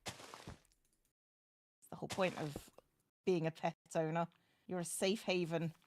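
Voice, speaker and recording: A woman's voice: on the low side, steady tone, a little mellow, a little hiss or hum. A woman chatting casually on a voice call, reassuring and playful, often restarting her sentences. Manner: reassuring, playful, talks in quick bursts with restarts. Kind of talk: casual chat.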